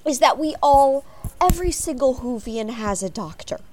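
A woman from Chicago with an American accent, telling animated stories as a fan on a panel before a live audience. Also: high voice, normal speed, a little hiss or hum. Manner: expressive, animated storytelling.

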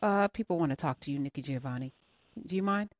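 A woman's voice: low-pitched, animated, fast talker, no echo, studio quality. A woman hosting a call-in radio show, reacting with enthusiasm and taking calls. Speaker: radio host.

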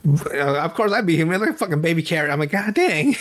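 A man's voice: fairly high pitch, racing. A man co-hosting a podcast, casually recapping a show, rambling and swearing, acting out the characters' lines in mock voices. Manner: rambling, profane, acts out quotes in mock voices. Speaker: podcast co-host.

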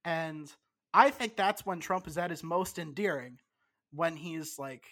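Pitched on the high side with a little brightness, this man talks a touch slowly. Tipsy from drinking, he co-hosts a podcast, swearing and rambling through loose banter while tripping over himself and restarting often.

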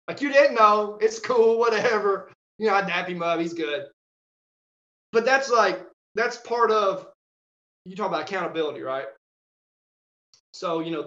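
A man who coaches strength at a high school, telling stories in a casual podcast chat, animated and acting out quotes with laughs. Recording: roomy, slightly dull audio.

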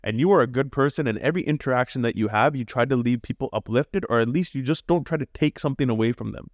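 A young Canadian man co-hosting a podcast, talking with passion and preaching hard, swearing freely and jumping to high emphatic peaks. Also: fast, no room sound. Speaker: podcast co-host. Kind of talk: casual podcast chat.

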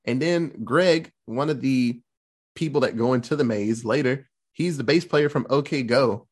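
A man co-hosting a podcast, reviewing a movie in casual chat, excitable and rambling, swearing freely. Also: mid-range voice, unhurried. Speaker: podcast co-host.

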